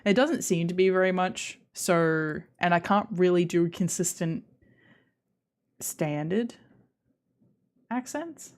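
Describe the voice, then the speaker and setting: A young Australian woman with a lowish voice chats casually with viewers on a live stream. She takes it slowly with long pauses, rambling, cutting herself off and restarting her sentences between giggles.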